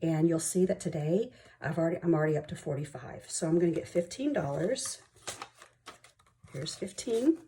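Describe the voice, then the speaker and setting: Excitable woman counting cash aloud. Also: fairly low pitch, moderate pace, slight background noise. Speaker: budgeting vlogger. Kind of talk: casual chat while counting cash.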